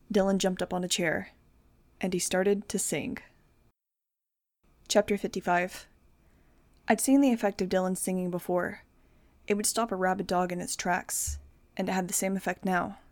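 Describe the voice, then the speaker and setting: A young woman reading a novel aloud in a steady, plain first-person narration. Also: mid-range voice, no room sound. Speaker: audiobook reader. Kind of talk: amateur audiobook narration.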